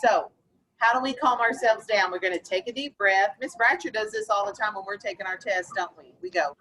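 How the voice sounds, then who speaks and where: A woman teaching young children in a classroom, patiently asking questions and slowly explaining vocabulary. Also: fairly high pitch, expressive, bright, forceful tone, slight background noise, poor audio. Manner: patient, questioning, slow and encouraging. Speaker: elementary school teacher. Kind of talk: classroom lesson.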